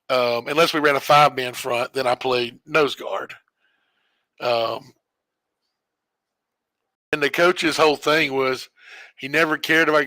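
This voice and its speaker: A man with a bright, forceful voice tells a meandering story while playing a game. He backtracks, corrects himself and chuckles along the way. The sound is dry and close. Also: medium pitch, dry recording. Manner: rambling, self-correcting storyteller who chuckles often. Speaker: streamer. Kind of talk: casual storytelling while gaming.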